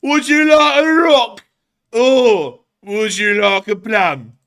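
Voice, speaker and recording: A man voicing a cheery male marmot creature, squeaky and sing-song as it offers treats. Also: animated, takes it slowly, creaky, fairly bright tone, smooth, heavily acted. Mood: gleeful.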